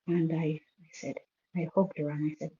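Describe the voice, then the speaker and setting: Soft-spoken woman on a muffled phone line. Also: sits low, level tone, slight background noise. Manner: soft-spoken, halting with restarts. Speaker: caller. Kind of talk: emotional personal story on a call-in show. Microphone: phone call.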